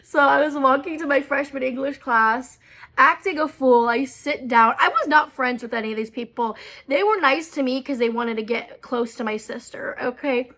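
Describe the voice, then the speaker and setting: A woman's voice: high voice, normal speed, pushed and bright. Chatty, profane young woman telling stories. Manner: chatty, profane, self-mocking, many "like" fillers. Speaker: storytime vlogger. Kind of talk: casual storytelling to camera.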